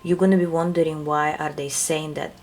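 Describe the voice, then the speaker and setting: A woman's voice: low-pitched, flat delivery, brisk, darkish tone, slight background noise. A woman with a non-native English accent gives a casual tarot reading, musing aloud and searching for words. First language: not English. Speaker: tarot reader.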